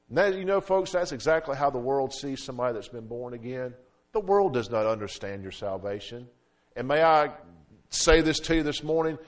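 Male pastor preaching, a touch high-pitched; rises to loud emphasis and drops to a hush, punctuated with amens. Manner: preaching with frequent "amen" calls and fillers; swings between loud emphatic peaks and dropping low and quiet. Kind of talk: sermon.

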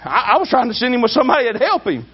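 High-pitched preacher man, emphatic sermon, shouts then drops low, muffled lo-fi sound. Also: huge pitch swings, slightly rough. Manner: emphatic, swinging between loud drawn-out shouting and low asides.

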